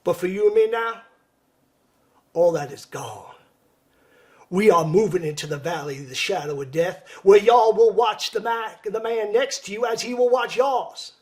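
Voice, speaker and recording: A man playing a male army commander in a Deep South accent, giving a loud, stirring, solemn speech to his troops. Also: normal speed, close to an everyday voice. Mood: rousing.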